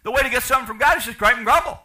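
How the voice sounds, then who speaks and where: An older man preaching a sermon, asking the congregation questions and swinging from loud to quiet. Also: very high voice, rapid-fire. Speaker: pastor.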